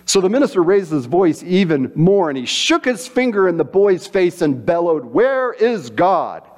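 Guy preaching, super animated, slightly high voice, acts out the quotes. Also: moderate pace. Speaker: pastor. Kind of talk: sermon.

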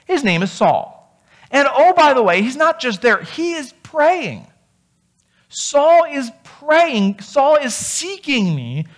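A preacher acting out God handing down a precise errand, pitched a little higher than his teller's usual voice, slow and weighty on the key words. The lines sound lively and emphatic, with the pitch swinging widely. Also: full character voice. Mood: urging. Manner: emphatic, animated storytelling. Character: God giving a specific errand, calm and encouraging.

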